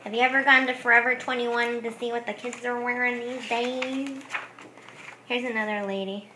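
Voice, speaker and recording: A woman's voice: a little high, steady tone, moderate pace, sharp tone, a little hiss or hum. Giggly chatty woman vlogger, roomy sound. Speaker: craft vlogger. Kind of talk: casual chat showing thrift finds. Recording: echoey room.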